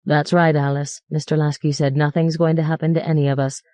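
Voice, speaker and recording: A woman's voice: low-pitched, flat delivery, brisk, warm tone, no room sound, close to an everyday voice. A woman reading the part of a formal, stiff middle-aged father who keeps a strained, clipped politeness. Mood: restrained politeness.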